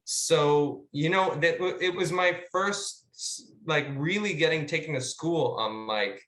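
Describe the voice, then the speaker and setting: A man, a guest actor, chatting casually about his craft in an animated, rambling way with plenty of fillers and the odd swear word, over a video call. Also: fairly high pitch, unhurried, reverberant. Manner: animated, rambling storyteller with filler words and profanity. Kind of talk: casual conversational teaching.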